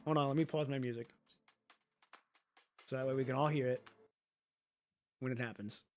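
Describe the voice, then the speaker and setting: A man chatting casually to his viewers, rambling and thinking out loud with the odd swear. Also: mid-range voice, fairly even intonation, normal speed, soft background music. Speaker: streamer.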